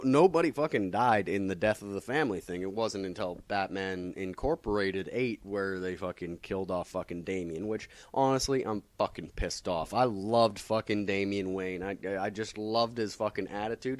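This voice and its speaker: A man's voice: on the low side, no echo. A man casually reviewing comic books, rambling and swearing constantly with lots of filler words. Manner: profane, rambling, animated, many fillers. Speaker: comics vlogger.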